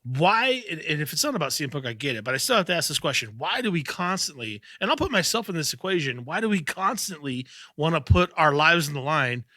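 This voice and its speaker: A man's voice: fairly high pitch, very animated, fast talker, hardly any pauses, bright, forceful tone, dry recording. A man hosting a wrestling podcast, teasing his co-host in casual banter and laughing often. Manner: boisterous, laughs a lot, teasing.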